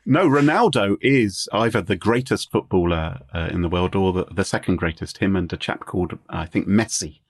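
A man's voice: sits low, normal speed, hardly any pauses, husky, dry recording, clean studio sound. A man co-hosting a podcast, chatting casually and laughing often. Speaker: podcast co-host. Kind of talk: casual chat.

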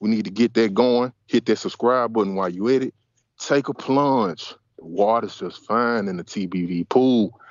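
A man's voice: lowish voice, brisk, no echo, highs cut off. A man co-hosting a boxing podcast, signing off in swaggering, slangy hype talk. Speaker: podcast co-host. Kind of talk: casual podcast sign-off.

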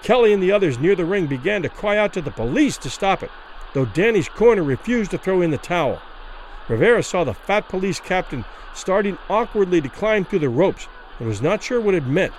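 A man's voice: high-pitched, big pitch swings, a little fast, a little hiss or hum, poor audio. A man hosting a podcast gives a dramatic reading of a classic short story and acts out the quoted lines.

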